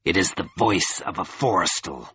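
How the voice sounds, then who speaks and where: A man's voice: low voice, lively intonation, normal speed, fairly bright tone, husky, no echo, muffled recording, voice pushed down, full character voice. A man voicing a possessed man who swings from fear to shrieking glee, in an audiobook reading. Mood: fearful. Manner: shrieking and jeering. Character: possessed man, fearful then gloating.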